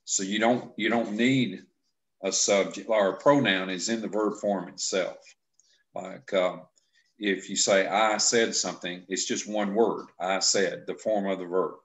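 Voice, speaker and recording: A man teaching a Bible class in a relaxed conversational way, explaining verses with frequent restarts and fillers. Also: low voice, a little slow. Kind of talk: casual scripture teaching discussion.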